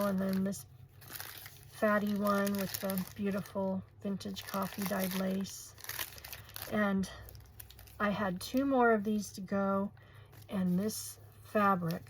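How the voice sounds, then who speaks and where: An older woman in her sixties chats unhurriedly as she crafts at home, gushing over pretty materials. Her voice has a gravelly edge, and a faint hiss sits under the recording. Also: medium pitch, low-quality recording. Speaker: crafting channel host. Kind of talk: casual crafting tutorial chat.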